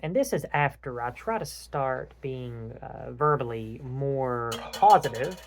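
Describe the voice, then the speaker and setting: A man hosting a casual chat, telling rambling, animated stories and swearing freely. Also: medium pitch, measured pace. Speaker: podcast host.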